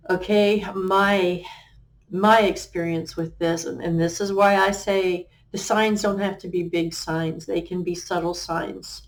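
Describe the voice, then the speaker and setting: Earnest, halting middle-aged woman. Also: on the low side, steady tone. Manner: earnest, halting, with many fillers and restarts; quotes remembered conversations. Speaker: guest life coach. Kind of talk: personal testimony on a talk show.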